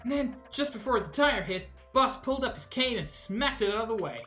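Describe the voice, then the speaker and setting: A woman's voice: on the high side, lively intonation, a little fast, fairly bright tone, soft background music, pitched above the performer's own voice. A woman voicing a boastful, scrappy scavenger sidekick in a game, telling tales with swagger. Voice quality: boastful, storytelling.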